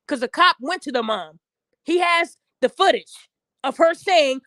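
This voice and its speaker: Woman, podcast host, high voice, blunt and heated, swearing freely, dry close sound. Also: expressive, a little slow, pushed and bright, no room sound. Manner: addresses listeners directly. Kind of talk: opinion rant to camera.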